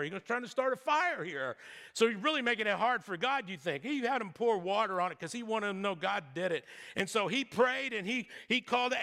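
Bright-voiced preacher man, hall echo. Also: sits high, vocal fry. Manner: casual storytelling sermon with jokes and asides. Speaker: pastor. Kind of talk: sermon. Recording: long hall reverb.

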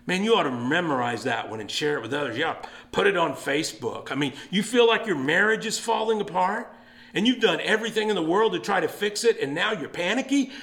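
Male pastor, fairly high voice, earnest sermon, building to emphatic calls. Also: expressive, fairly quick, fairly bright tone. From East Texas. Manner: earnest, rising to emphatic exhortation.

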